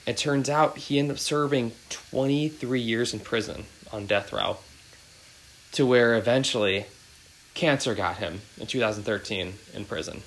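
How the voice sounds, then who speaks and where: Thirtysomething guy hosting a podcast, rambly, says like and um a lot, mid pitch. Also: moderate pace, a bit bright, slight background noise, low-quality recording. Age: 30s. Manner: rambling, heavy with fillers like "like" and "um". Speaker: podcast host. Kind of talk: casual podcast chat.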